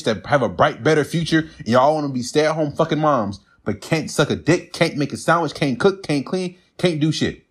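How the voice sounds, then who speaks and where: A man's voice: mid-range voice, husky. A man ranting bluntly and profanely in a casual monologue, mocking others with put-on quotes.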